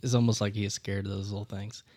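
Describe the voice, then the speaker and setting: A man's voice: lowish voice, flat delivery, fast, warm tone, no room sound. A man in casual chat, laughing as he mocks a friend.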